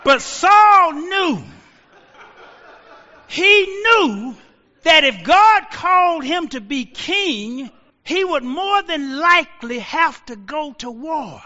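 A man in his sixties preaching a sermon as a pastor, telling stories and shouting out quoted lines. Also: extremely high pitch, expressive, slow, big-room sound, muffled recording. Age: 60s.

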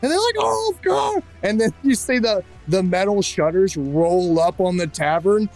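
Lively man narrating a tabletop game. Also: normal speed, faint music behind. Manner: animated, shouts the crowd's lines in a high voice. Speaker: dungeon master.

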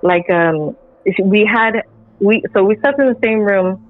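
Animated woman telling a story over a tinny line. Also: medium pitch, measured pace. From Central Texas. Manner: animated, laughing often, acting out quoted lines. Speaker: guest. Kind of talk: casual storytelling.

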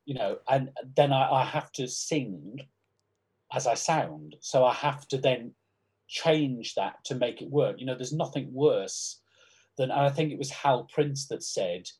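A stage actor from Liverpool with a softened Liverpool accent, talking thoughtfully in an interview with halting restarts. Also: male voice, mid-range voice, expressive, breathy edge. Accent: softened Liverpool (Scouse). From Liverpool, England. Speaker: stage actor and panto dame. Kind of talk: conversational interview.

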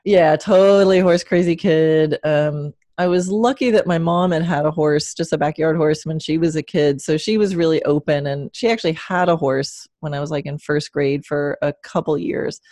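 Chatty woman with a low voice. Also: fairly even intonation, normal speed, hardly any pauses, dark tone, no room sound, clean studio sound. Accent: mild Long Island New York. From Long Island, New York. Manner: chatty storyteller, laughs often. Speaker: dressage trainer, guest. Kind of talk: casual interview chat.

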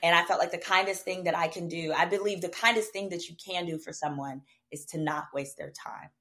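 A woman with a Southern American accent telling a personal story as a podcast guest, animated and profane, acting out quoted dialogue. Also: low voice. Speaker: podcast guest, attorney and comedian. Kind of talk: casual storytelling chat.

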